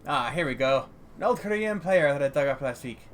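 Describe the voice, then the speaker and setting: A man doing a gruff old German junk trader. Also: on the high side, animated, a little fast, a little hiss or hum, natural voice. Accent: German, put on. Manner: gruff but well-meaning, drawling.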